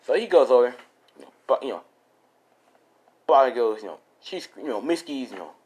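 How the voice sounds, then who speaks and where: A man improvising a spoken fan story, rambling and profane, correcting himself mid-sentence. His pitch jumps around animatedly, rising sharply on exclamations. He often laughs at his own lines. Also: animated, brisk, darkish tone, husky.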